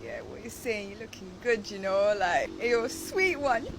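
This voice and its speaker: A woman's voice: mid-range voice, very animated, moderate pace, vocal fry, background noise. A woman doing a cocky London roadman. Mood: flirty. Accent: London street slang.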